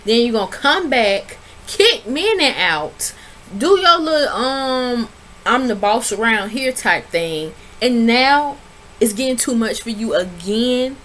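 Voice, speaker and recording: Woman vlogger, casual, sassy retelling with sudden high squeals for quotes, faint background hiss. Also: takes it slowly. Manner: animated, sassy storytelling with big pitch jumps when quoting people. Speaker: reality TV reviewer. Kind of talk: casual recap vlog.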